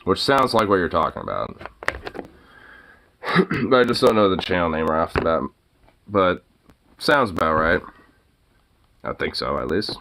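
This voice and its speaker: A man's voice: low-pitched, big pitch swings, measured pace, vocal fry, long pauses, pushed and bright, a little hiss or hum. A man streaming casually, cooing baby talk at his dog and chatting with viewers, swearing freely. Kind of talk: casual chat.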